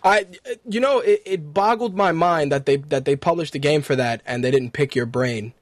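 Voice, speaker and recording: A man's voice: fairly high pitch, moderate pace, dry recording, studio quality. A man hosting an internet radio talk show in a casual, chatty way, with loose swearing and a run of fight news. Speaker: podcast host.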